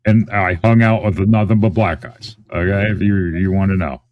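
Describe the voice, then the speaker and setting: A man's voice: fairly low pitch, fairly even intonation, normal speed, narrow, tinny audio, slight background noise. A man arguing on an online panel, blunt and profane, telling stories in quoted voices. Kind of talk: heated argument.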